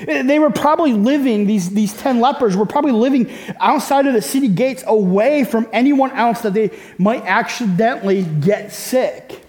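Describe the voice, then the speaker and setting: A man's voice: very high-pitched, moderate pace, darkish tone, long reverb tail. A male pastor preaching a sermon in a conversational way, often tossing rhetorical questions to the congregation.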